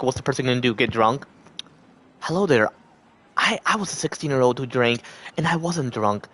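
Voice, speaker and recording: A male livestreamer talks to his chat at a middle pitch. He rambles loosely from thought to thought and slips into little put-on voices to act out what others might say. The delivery is casual and unscripted. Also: fairly bright tone. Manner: acts out quoted voices.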